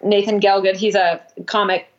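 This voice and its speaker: A woman musician telling stories in a casual interview, rambling and swearing, acting out quotes in a higher voice. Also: little pitch movement, moderate pace, highs cut off. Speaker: musician guest.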